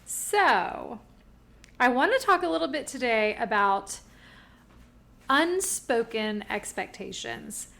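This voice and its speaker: A woman in her forties co-hosting a podcast, telling a story in a casual, animated way and acting out what people said. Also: a little high, slow pace, vocal fry, pauses often. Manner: animated storyteller, acts out quoted voices. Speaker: podcast co-host.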